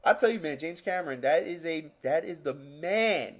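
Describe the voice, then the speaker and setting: A man co-hosting a podcast, talking about movies in an excitable way with lots of swearing. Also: fairly high pitch, normal speed. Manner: excitable, swearing, re-enacts scenes. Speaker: podcast co-host. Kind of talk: casual movie chat.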